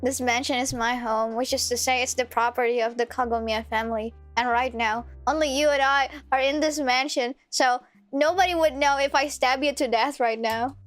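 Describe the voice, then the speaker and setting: A calm young woman who plays the player's girlfriend in a game, quietly menacing, as a woman streamer reads her lines. She speaks in a high voice and stays matter-of-fact even about dark things. Faint music sits behind her. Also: moderate pace, lightly acted. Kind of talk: reading game dialogue aloud.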